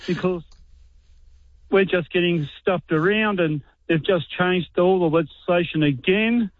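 A middle-aged Australian man, an army veteran calling a talk radio show, weary and aggrieved, speaking haltingly. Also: high voice, no echo. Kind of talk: talkback phone call. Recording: tinny phone line.

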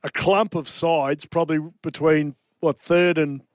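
A man's voice: fairly high pitch, steady tone, a little slow, no room sound. An Australian man co-hosting a sports radio show, giving blunt opinions on the footy teams. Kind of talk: casual sports radio banter.

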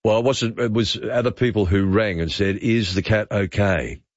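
Australian overnight radio host, low voice, dry studio sound, slightly dull audio; chatty, wry. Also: male voice, moderate pace, no room sound. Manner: chatty, wry, reads out listener messages. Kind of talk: late-night talk radio chat. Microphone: studio microphone.

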